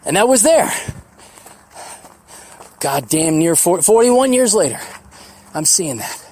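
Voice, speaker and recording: A man in his forties hosts a solo podcast in a high, sing-song voice with a darkish tone. He rambles profanely and reflectively, mocking others in quick put-on voices.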